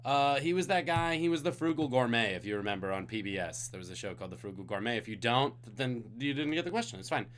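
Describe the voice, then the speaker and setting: A man's voice: medium pitch, fairly bright tone. A tired man hosting a live-streamed trivia game, reading out questions and joking with the chat between them. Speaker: trivia host.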